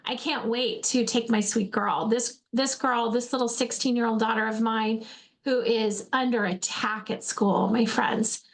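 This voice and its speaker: A woman in her forties, from Alaska, speaks in a slightly high voice. She gives a heartfelt motivational talk, repeating phrases and calling her listeners her friends. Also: fairly even intonation, measured pace. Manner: earnest, addresses listeners as friends, repeats words. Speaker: host, faith-based speaker.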